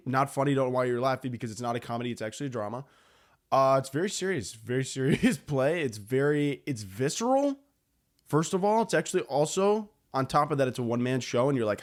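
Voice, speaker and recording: A young man hosting his own podcast, rambling alone in a joking, sarcastic and profane way. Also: medium pitch. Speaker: podcast host. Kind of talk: casual solo podcast monologue.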